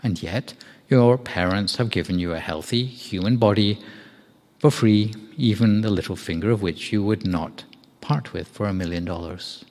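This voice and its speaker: Deep-voiced monk telling a parable. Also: male voice, big-room sound. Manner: measured, gentle storytelling with occasional fillers. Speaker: monk giving a Dhamma talk. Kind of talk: storytelling sermon. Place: meditation hall.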